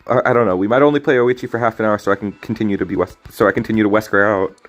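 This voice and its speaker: A man commentates his own card game stream casually, rambling and joking, frequently cutting himself off and apologizing. He speaks rapid-fire with a fairly low pitch and fairly even intonation, while faint game music plays behind him.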